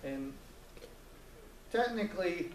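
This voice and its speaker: Chatty high-voiced man teaching the Bible in an echoey room. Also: lively intonation, slow, distant mic, slight background noise. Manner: retells the story in voices, chatty and joking.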